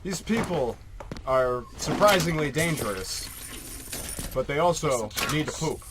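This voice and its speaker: A man gives loose, joking game commentary, swearing freely as he rambles along. His voice sits fairly high, and game noise runs clearly under him. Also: lively intonation, unhurried. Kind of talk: Let's Play commentary.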